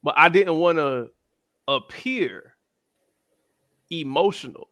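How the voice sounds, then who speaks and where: Podcast co-host, man, thirties, AAVE, bright forceful voice, dry close sound. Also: takes it slowly, no echo. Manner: animated, slangy, jumps into high-pitched voices when quoting others. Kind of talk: casual chat.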